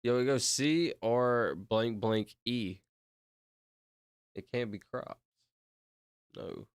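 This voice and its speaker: A young man on a livestream chats casually, rambling in slang, calling people bro and counting out loud. His mid-range voice draws out words, and the clean recording has no room sound.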